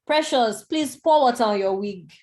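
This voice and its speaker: A woman hosting an online event over a video call, lively and coaxing. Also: a little high, normal speed. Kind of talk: casual video call moderating.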